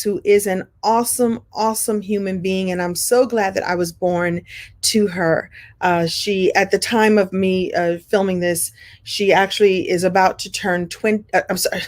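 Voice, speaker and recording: Expressive woman host in her fifties. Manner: warm, expressive storytelling with playful pitch jumps. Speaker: show host. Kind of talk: casual monologue to camera.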